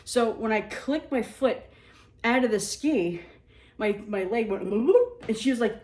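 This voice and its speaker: A woman telling funny personal stories in a casual, animated, self-mocking way. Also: on the high side, a little slow, recorded from a distance. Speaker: storyteller. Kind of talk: casual storytelling. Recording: echoey room.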